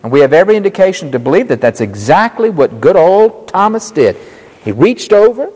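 A man preaching an emphatic, animated sermon as pastor, explaining scripture to his congregation. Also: high voice, a little fast, in a large hall, slight background noise. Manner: emphatic, animated Bible exposition.

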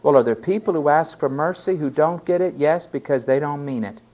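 A man preaching a sermon, stressing key words loudly and then dropping to quiet asides. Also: a little high, brisk, dull audio. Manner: emphatic, swinging between loud stresses and quiet asides.

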